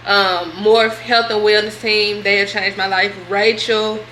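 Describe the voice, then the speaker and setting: A woman's voice: medium pitch, flat delivery, unhurried, roomy sound, noisy background. A young woman vlogging a candid question-and-answer session, chatty and slangy. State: tearful at times. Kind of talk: candid vlog Q&A.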